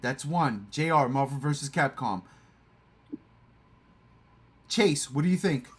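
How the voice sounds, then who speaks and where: A man's voice: on the high side, lively intonation, takes it slowly, husky. A man hosting a casual livestream chat, boastful, repeating himself and swearing freely. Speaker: livestream host.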